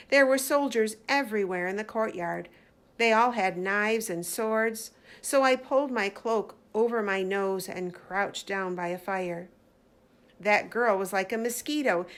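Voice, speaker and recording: Teacher reading a children's story, woman, very slow, dramatic pacing. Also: mid-range voice.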